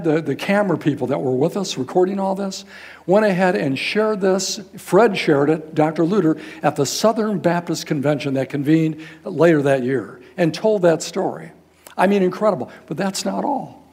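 Gravelly older man preaching a story. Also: sits high. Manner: animated, folksy, quotes people in raised voices. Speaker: guest pastor. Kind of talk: sermon storytelling.

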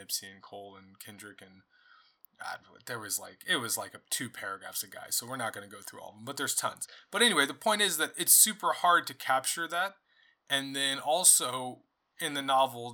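A man with a bright, forceful, mid-range voice hosts a book club podcast, giving a casual solo review of a novel. He thinks aloud conversationally, with frequent restarts and asides.

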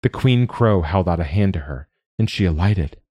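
Deep-voiced man reading fiction. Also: animated, moderate pace, dark tone, dry recording. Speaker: podcast narrator. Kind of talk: scripted narration.

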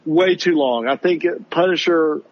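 A man co-hosting a podcast, ranting in casual chat about a show he disliked and mocking it in a high voice. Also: moderate pace, lo-fi sound. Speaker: podcast co-host reviewing shows.

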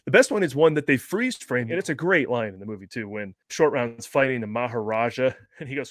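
A man hosting a podcast, chatting casually about a film in an animated way and acting out quotes. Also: medium pitch, fairly quick, few pauses, no room sound, studio quality. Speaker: podcast host.

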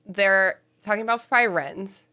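A woman co-hosting a podcast in casual chat, playful with quick asides. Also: medium pitch, pushed and bright. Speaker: podcast co-host.

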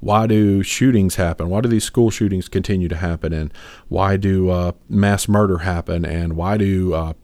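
A man's voice: low-pitched, fairly even intonation, normal speed, warm tone, no room sound. A man co-hosting a podcast, talking about faith in an earnest, rambling way with many fillers and restarts. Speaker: podcast co-host. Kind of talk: casual faith discussion.

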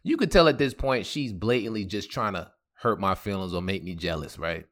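A man's voice: on the low side, expressive, fairly quick, fairly bright tone. A young man hosting a podcast, telling a personal story in heavy slang, laughing often. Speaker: podcast host. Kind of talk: casual storytelling.

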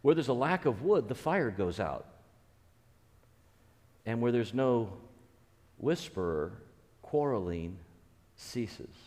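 A man's voice: mid-range voice, sing-song, slow, pauses often, darkish tone, big-room sound. A man preaching a conversational sermon as a pastor, earnest, repeating key phrases and restarting his sentences.

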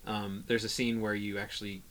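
A man in casual conversation about old films, talking haltingly with many restarts and bursts of animation. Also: lowish voice, little pitch movement, fairly bright tone. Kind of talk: casual film discussion.

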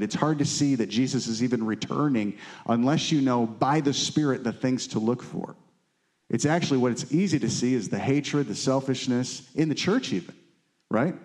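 Male pastor, conversational sermon, mid-pitched voice, keeps asking the room if they follow. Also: normal speed, darkish tone. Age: adult, married. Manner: conversational preaching, frequent "right?" check-ins.

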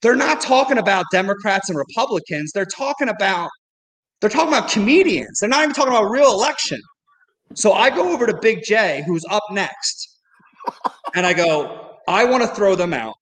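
Guy with a high voice rambling through a story, bit of room reverb. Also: normal speed. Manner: rambling, animated storyteller with restarts. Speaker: comedy club owner. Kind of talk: casual storytelling.

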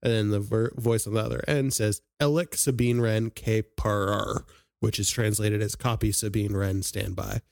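A man's voice: on the low side, steady tone, normal speed, creaky, a little mellow, no room sound, clean studio sound. A man co-hosting a casual podcast, sharing trivia and laughing often. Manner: chatty, shares trivia with frequent laughs. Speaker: podcast co-host. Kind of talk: casual chat.

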